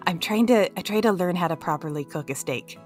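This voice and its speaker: A woman's voice: on the low side, brisk, darkish tone, faint music behind. A woman hosting a casual crochet live stream, bubbly and giggly, greeting her chat one by one.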